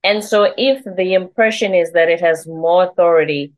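A woman's voice: fairly low pitch, moderate pace, poor audio. Woman hosting a friendly podcast chat. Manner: friendly, laughs easily, asks open questions. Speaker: podcast host. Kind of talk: conversational interview.

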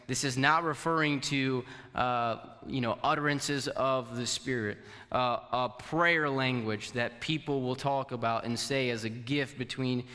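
Unhurried and pushed with brightness, this man's medium-pitched voice keeps fairly even intonation. He's a pastor from a Portuguese-speaking country, Portuguese his first language, preaching conversationally and questioning the congregation in a church hall that adds long reverb.

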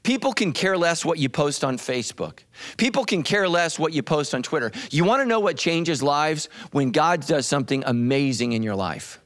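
Middle-aged man, American pastor, slightly high voice, lively emphatic sermon delivery. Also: normal speed. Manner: animated, emphatic preaching with asides to the congregation.

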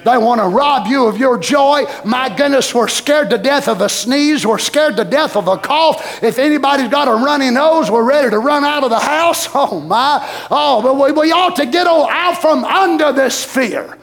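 A man preaches, and his voice sits unusually high. He pastors a church and drives his sermon home by repeating phrases, then breaking into shouts. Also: normal speed, gravelly, hardly any pauses. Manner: preaching with emphatic repetition and bursts of shouting.

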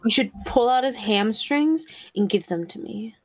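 A woman whose higher voice swings widely, joking around as a tabletop game player. The sound is dry and close, with no room around it. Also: expressive, normal speed, dry recording. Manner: playful, giggly, teasing. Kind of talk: casual tabletop game chat.

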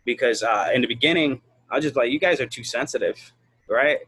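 A man talking bluntly and profanely in a casual podcast chat, telling animated stories about his kids. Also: medium pitch, a little fast, husky, dry recording.

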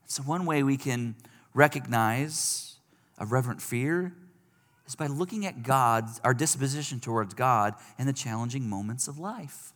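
A man's voice: medium pitch, moderate pace, fairly bright tone, long reverb tail. A man preaching a sermon in a conversational way, lifting his voice when he acts out pleading quotes.

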